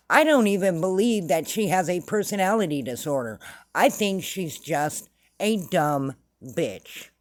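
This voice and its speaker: A woman's voice: fairly low pitch, no echo. A woman hosting casual true-crime commentary, blunt and sarcastic. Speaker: commentary host.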